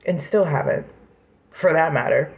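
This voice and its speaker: A woman's voice: low-pitched, measured pace, gravelly, a little mellow, dull audio. A woman in her twenties venting in an emotional personal rant, angry, raw and profane, sometimes dropping to a whisper. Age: 20s. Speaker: vlogger.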